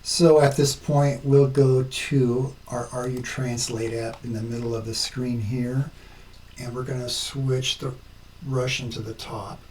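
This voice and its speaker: A man hosting a language tutorial, explaining slowly and step by step as he works through his screen. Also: mid-range voice, level tone, a little mellow, far from the mic, a little hiss or hum, poor audio. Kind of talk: screen-recorded tutorial narration.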